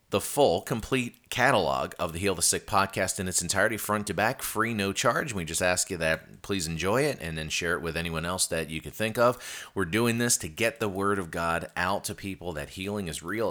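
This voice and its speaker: A man's voice: deep voice, pushed and bright. A man hosting a faith podcast, introducing the show and guest in an upbeat, promotional way. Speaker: podcast host and church overseer.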